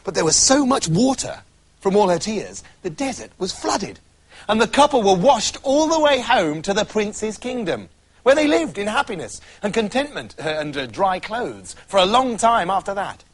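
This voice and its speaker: Man, storyteller, comic fairy tale, theatrical, playful, high lively voice. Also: moderate pace.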